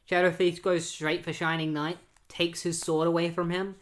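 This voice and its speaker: A man's voice: fairly high pitch, little pitch movement, moderate pace. A man retelling a comic book story in a casual, loose way, with many fillers and restarts. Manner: filler-heavy, loose recap.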